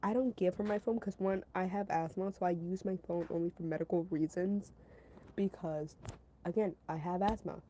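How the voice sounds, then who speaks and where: A woman tells a story in a loose, rambling way, full of "like" and "whatever," and keeps breaking off to answer her chat. Her voice sits on the low side and sounds warm and mellow, with a faint hiss under it. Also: fairly even intonation, moderate pace, poor audio. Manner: rambling, filler-heavy, repeats herself, giggles; talks to her chat between story parts. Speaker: storytelling streamer.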